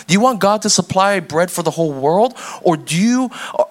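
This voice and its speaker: A male pastor preaches in a relaxed, conversational way, acting out everyday scenes. His voice sits high for a man, and he keeps returning to direct, probing questions. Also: fairly quick. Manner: conversational, acts out little scenes with quoted voices; rising to pressing questions. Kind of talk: sermon.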